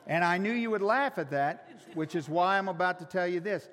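A male pastor preaching a sermon, teasing his congregation and swinging from loud shouts to hushed, drawn-out emphasis. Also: high-pitched, slight background noise. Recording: long reverb of a large hall.

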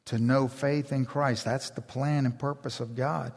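A man preaching a sermon as pastor, slow and emphatic, building intensity. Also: mid-range voice, fairly even intonation, gravelly. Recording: long hall reverb.

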